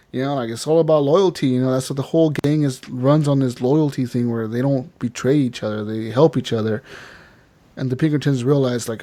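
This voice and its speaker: A man's voice: mid-range voice, steady tone, brisk, warm tone. A man on a casual gaming podcast, retelling a game's story with lots of swearing and acting out the characters' lines. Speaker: podcast co-host. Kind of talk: casual profane game recap chat.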